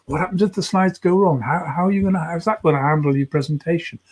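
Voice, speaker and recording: Husky public speaking coach. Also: male voice, fairly high pitch, quick pace. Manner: animated, emphatic, trained-actor delivery with frequent restarts. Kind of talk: live video talk on presentation skills.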